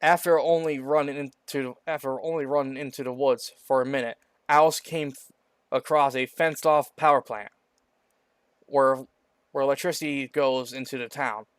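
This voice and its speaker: A man's voice: mid-range voice, fairly even intonation, normal speed, clean tone, no echo. A man reading a homemade story aloud in a casual way, often tripping over words and starting lines again. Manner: stumbling over words, frequent restarts. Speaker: story reader.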